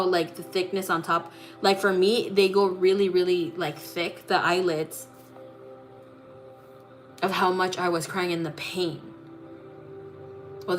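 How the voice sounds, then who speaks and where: A woman's voice: on the low side, a bit bright. A woman who reads tarot as a psychic, telling a personal story in a casual, blunt way, swearing freely and using many fillers. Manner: blunt, profane, full of fillers.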